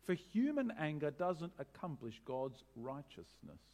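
A man preaching a sermon as pastor, animated, asking rhetorical questions with wry humor. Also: on the high side, unhurried.

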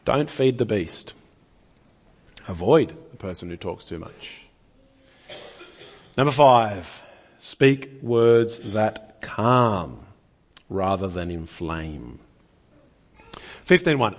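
A man's voice: lowish voice, big pitch swings, slow, pauses often. A man preaching a sermon in an earnest, conversational way, often asking the listeners rhetorical questions.

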